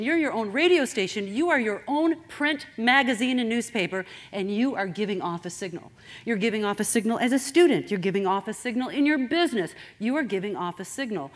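Animated woman giving a motivational talk. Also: medium pitch. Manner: animated, straight-talking. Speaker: speaker.

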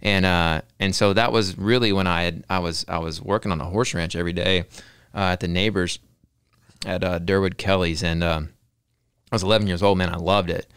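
Man, low voice, very clear, earnest podcast guest, dry close mic. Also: fairly even intonation, brisk, a bit bright, no echo. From Texas. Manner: earnest, repeats words while thinking, says "right?" and "man". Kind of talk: casual podcast interview.

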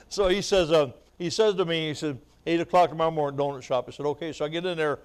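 A man preaching a revival sermon, his voice sitting a little high for a man. He tells his testimony with frequent amens and laughs and grows louder and more fervent as he preaches, at times choked up. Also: quick pace, clean tone. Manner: testimony storytelling building to loud preaching. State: choked up, weeping. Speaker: evangelist.

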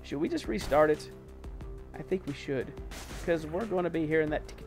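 Male gaming host, higher register, exclaiming through play over faint game music. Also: moderate pace. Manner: excitable, exclaiming, mild self-censored oaths. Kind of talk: let's play commentary.

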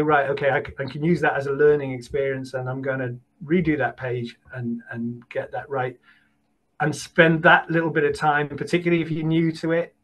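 A British man, an audiobook casting producer, giving encouraging advice in an animated way as a guest, often repeating and restarting words. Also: fairly high pitch, poor audio. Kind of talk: conversational interview advice.

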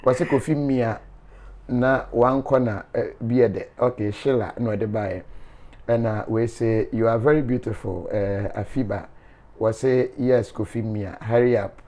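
A man's voice: medium pitch, fairly even intonation, moderate pace, warm tone. Playful man reading comments. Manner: laughing, playful, teasing. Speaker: show host. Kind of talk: reading viewer comments aloud.

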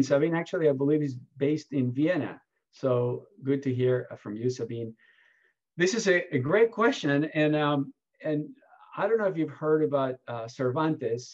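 A husky-voiced man speaks as a keynote award speaker, answering questions with lively, emphatic storytelling. His voice sits in a middle register. The sound is dull and lo-fi, like video call audio. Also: mid-range voice.

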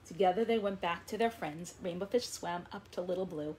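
A woman librarian hosting a children's story time, reading a picture book aloud with expressive, kid-friendly delivery. Her voice sits a bit low for a woman, with faint background noise. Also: fairly quick, hardly any pauses. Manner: warm, expressive read-aloud for kids.

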